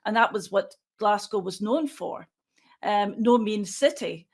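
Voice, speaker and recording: A forensic pathologist in her sixties answers interview questions, thinking aloud in a calm, matter-of-fact manner. Her voice sits at a medium pitch.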